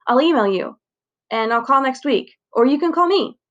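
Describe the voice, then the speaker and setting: A woman's voice: sits high, lively intonation, normal speed, fairly bright tone, dull audio, pitched above the performer's own voice. A woman reading aloud in a slightly raised voice for a homesick, sulky young boy.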